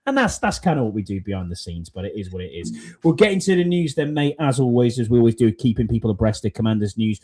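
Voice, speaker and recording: A man's voice: mid-range voice, sing-song, quick pace, few pauses, mellow. A man hosting a podcast in casual, rambling chat, with many fillers. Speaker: podcast host.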